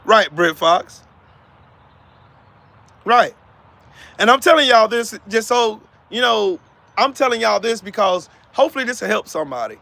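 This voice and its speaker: A man hosts a heated live-stream rant, his voice pitched high with a sharp, bright edge and a gravelly rasp. He swears freely, circles back to repeat his points, and calls out to chat viewers by name. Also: lively intonation, measured pace, long pauses. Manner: profane, fired-up, repetitive.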